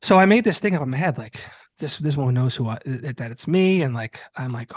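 Husky dude rambling through a story on his podcast, dry close mic. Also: medium pitch, expressive, a little fast, no room sound. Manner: rambling storytelling, many restarts, acts out quotes. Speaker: podcast host. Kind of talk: casual chat.

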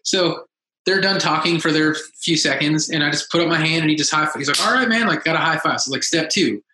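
A man telling a story in casual chat, lively and acting out the quotes of others in a raised voice. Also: fairly high pitch, brisk. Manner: animated, acts out quotes in a raised voice. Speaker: podcast guest, musician. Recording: echoey room.

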